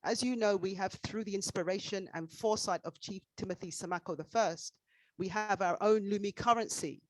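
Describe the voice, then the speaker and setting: A man's voice: sits high, a little fast, dry recording, low-quality recording. A man giving a formal ceremonial address at an online tribute event, speaking in a declamatory way and stressing key words.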